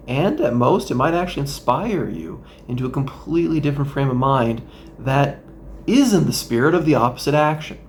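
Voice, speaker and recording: Gravelly-voiced male therapist guiding calmly. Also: mid-range voice, slight background noise. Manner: gentle guiding delivery with playful asides. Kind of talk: instructional talk with guided exercise.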